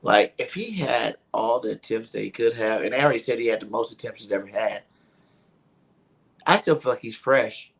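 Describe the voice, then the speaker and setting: A man's voice: medium pitch, moderate pace, vocal fry, breathy edge. A man co-hosting a sports podcast in casual chat, talking animatedly and acting out what others said. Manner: animated, acts out quotes in voices. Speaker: podcast co-host.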